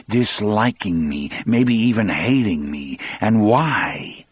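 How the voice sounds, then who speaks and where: A man's voice: on the low side, expressive, takes it slowly, hardly any pauses, slightly rough. A man narrating an audiobook in a brooding, confessional first-person telling.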